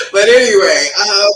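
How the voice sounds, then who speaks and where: A woman relationship coach talks live to her viewers, emphatic and full of laughter as she calls on them by name. Her voice is bright and swings widely in pitch. The sound is roomy and echoey. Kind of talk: live-stream advice session.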